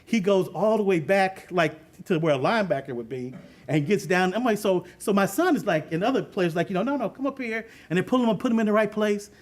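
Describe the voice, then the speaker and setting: A middle-aged man with a high voice tells a story from coaching youth football. He is animated, laughs often and acts out the voices of the people in his story. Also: fast talker. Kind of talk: storytelling talk on leadership.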